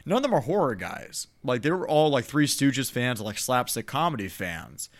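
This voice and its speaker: A young podcast co-host rambles casually about films, leaning on lots of "like" fillers and chuckling as he goes. His medium-pitched voice is very animated and moves at a normal speed.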